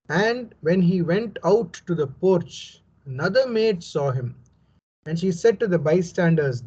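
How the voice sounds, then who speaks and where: A man's voice: fairly high pitch, darkish tone, slightly rough. A man teaching a Bible study, explaining step by step, repeating his points and adding conversational asides. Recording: dull lo-fi recording.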